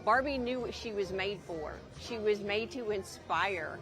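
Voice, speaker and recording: A woman's voice: mid-range voice, unhurried. A woman with a Southern American accent, a collector guest talking enthusiastically and emphatically in a live TV interview. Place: indoor collectibles show. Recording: event music and crowd behind.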